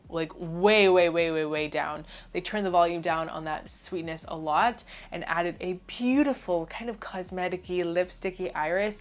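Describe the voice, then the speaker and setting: A young woman gushing over perfumes in a casual review vlog, peppering her talk with "like". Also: on the low side. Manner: gushing, enthusiastic, filler-heavy with frequent "like".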